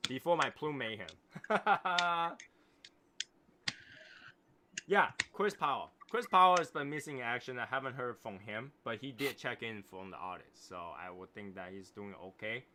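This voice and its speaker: This cigar livestream host, a man with a non-native English accent, speaks in an animated, medium-pitched voice at normal speed against background noise. He chats casually, reading comments and reflecting at length, repeating phrases and checking in with "right?".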